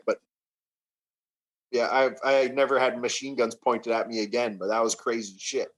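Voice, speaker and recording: A young man from Canada telling a wild story in casual podcast chat, swearing freely and acting out the shouting. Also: medium pitch, normal speed. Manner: animated, swearing, acts out shouts.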